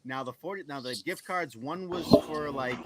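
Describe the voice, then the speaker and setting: A man casually telling a story to friends in a profane, self-deprecating way, with loud outbursts. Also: fairly high pitch, normal speed, noisy background.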